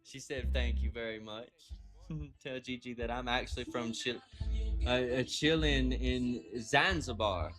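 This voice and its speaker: A man's voice: medium pitch, measured pace, a bit bright, faint music behind. A man hosting a livestream in casual chat, joking, swearing and laughing often. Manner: playful, profane, laughs often. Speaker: livestream host.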